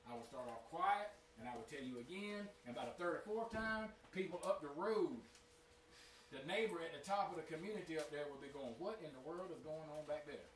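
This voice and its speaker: A man's voice: on the high side, lively intonation, brisk. A man giving a conversational Sabbath sermon in a meeting room, talking in a folksy way and putting direct questions to his small congregation. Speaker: Sabbath teacher. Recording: roomy sound, mic at a distance.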